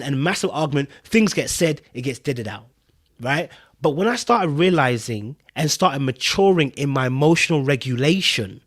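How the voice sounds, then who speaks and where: Man, podcast host, slightly high-pitched, emphatic and repetitive, casual commentary. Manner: emphatic, repeats points, keeps checking in with "right?".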